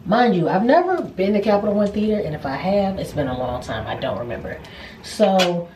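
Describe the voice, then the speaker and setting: Animated woman ranting to her viewers. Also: medium pitch, fairly quick, distant mic. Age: young adult. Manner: animated, slangy, addresses viewers as y'all. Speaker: vlogger. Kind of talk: casual story-time rant. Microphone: phone. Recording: echoey room with faint noise.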